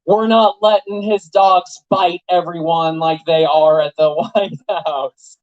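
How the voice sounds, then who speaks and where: A young man giving an animated, joking rally speech to a live audience, full of rhetorical questions. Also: fairly high pitch, slow, muffled recording. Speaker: political activist speaker. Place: event venue with live audience.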